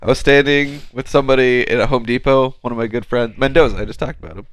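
Smooth-voiced joking podcast co-host. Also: male voice, mid-range voice, fairly even intonation. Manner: joking, rambling storyteller with quick asides. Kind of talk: casual comedic chat.

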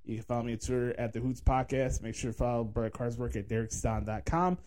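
A man's voice: medium pitch, quick pace, a little mellow, slight background noise. A man hosting a podcast, giving a blunt, profane, sarcastic wrestling commentary rant. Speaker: podcast host.

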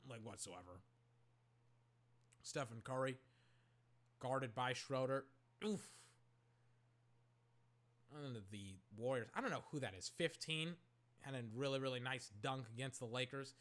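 A man from Oakland, California, casually calling a basketball game he is watching, rambling with lots of "like" and breaking into excited shouts. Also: medium pitch, measured pace, pauses often. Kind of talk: casual play-by-play while watching.

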